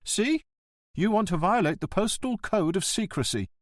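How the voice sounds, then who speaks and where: A male narrator puts on a pompous, self-important post office director for an audiobook. The voice jumps up high and shrill and bounces around a lot. It is recorded dry and close. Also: expressive, normal speed, no room sound.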